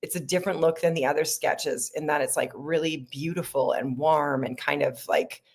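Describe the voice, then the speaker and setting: Chatty middle-aged woman host, low and husky, casual behind-the-scenes talk. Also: steady tone, normal speed. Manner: chatty, rambling, laughs often. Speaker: sketch comedy creator and lead actor.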